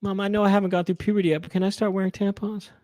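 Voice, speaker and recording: A man's voice: high-pitched, level tone, racing, a little mellow, dry recording. A man voicing a whiny young child who keeps pestering his mother. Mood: pleading. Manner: pleading, nagging.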